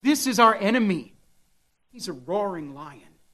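A man's voice: high voice, lively intonation, unhurried, a bit bright. A man preaching a sermon with dramatic delivery, at times voicing the devil's taunts. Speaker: pastor.

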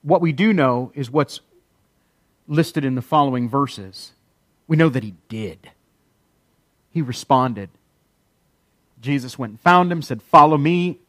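A man preaching a sermon, emphatic, with repeated phrases and dramatic pauses. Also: medium pitch, no echo. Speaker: pastor.

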